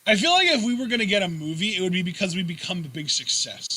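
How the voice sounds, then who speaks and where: High husky man with dry quips. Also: very animated, quick pace, bright, forceful tone. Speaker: podcast co-host. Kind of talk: casual chat.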